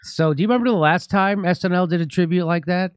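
A middle-aged man hosting a political commentary show, talking in a sarcastic, mocking way and slipping in deadpan jokes. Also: high-pitched, quick pace, smooth. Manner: mocking, deadpan jokes, laughs at own lines. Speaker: host.

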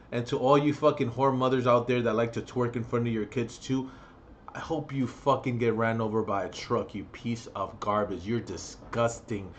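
A man's voice: mid-range voice, a little hiss or hum. A man on a profane, heated rant. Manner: heated, profane ranting with loud outbursts. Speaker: vlogger. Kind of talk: ranting vlog monologue.

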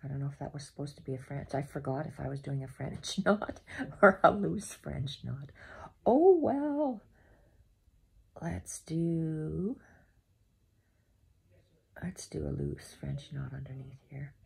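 Husky, breathy low-voiced woman. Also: unhurried. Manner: soft-spoken, counting stitches aloud, often half-whispered. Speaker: embroidery instructor. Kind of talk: step-by-step craft tutorial.

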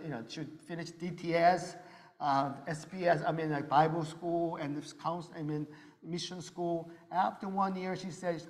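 A middle-aged male pastor telling a personal testimony in a sermon, earnest and in slightly broken English. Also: fairly high pitch. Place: church sanctuary. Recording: long hall reverb.

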